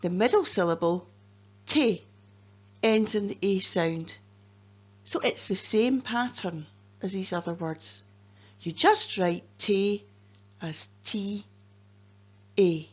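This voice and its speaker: A woman with a Scottish accent, a teacher slowly and carefully explaining spelling patterns and sounding out words letter by letter. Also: mid-range voice, breathy edge. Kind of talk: phonics lesson narration. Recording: dull lo-fi recording.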